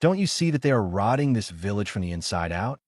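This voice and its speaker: A man voicing a young male ninja who is cool-headed but quick to anger. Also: fairly low pitch, big pitch swings, a little mellow, no room sound, clean studio sound. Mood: angry.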